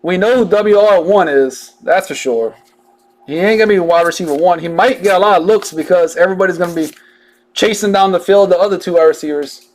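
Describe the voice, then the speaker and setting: Chatty high-voiced man. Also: a little fast. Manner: chatty, drawling, jokey asides while reading out cards. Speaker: card breaker. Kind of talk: casual live card-break chat.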